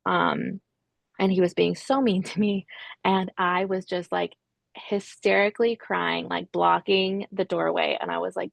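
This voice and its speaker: Gravelly-voiced woman telling a hard story. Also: on the low side, measured pace, no room sound. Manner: hesitant, many restarts and ums, drops to a whisper at hard moments. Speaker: podcast guest. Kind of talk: interview storytelling.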